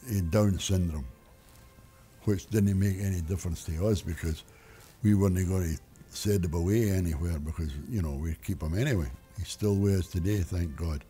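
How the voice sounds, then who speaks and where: A man's voice: deep voice, warm tone. An older retired man rambling through a personal story, wry and full of restarts. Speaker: interviewee.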